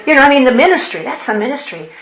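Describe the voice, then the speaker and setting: A woman's voice: high voice, sing-song, very fast, fairly bright tone. An older woman telling funny church stories at a women's conference, laughing often and acting out the voices of people she quotes. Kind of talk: storytelling talk with humor. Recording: echoey hall, faint noise.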